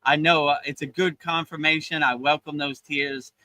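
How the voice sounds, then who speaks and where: A man's voice: a little high, fairly even intonation, moderate pace, bright, forceful tone, no echo, rough recording. A man hosting a casual spiritual livestream chat, earnest and emotional, often repeating words as he starts a sentence. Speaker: yoga teacher and livestream host. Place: beach in Thailand.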